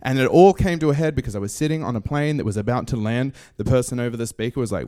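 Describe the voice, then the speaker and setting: Young Aussie man, stand-up storyteller, dry close sound, animated. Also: medium pitch, quick pace, hardly any pauses, no echo. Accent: Australian. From Australia. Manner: comic, animated storytelling with voices. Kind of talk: live stage storytelling. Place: stage in a small venue.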